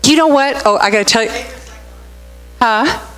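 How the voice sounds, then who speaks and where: A woman's voice: fairly high pitch, normal speed, fairly bright tone, smooth, faint music behind, rough recording. A middle-aged woman pastor giving a conversational sermon, telling stories and asking the congregation questions. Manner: chatty, storytelling, asks the room questions.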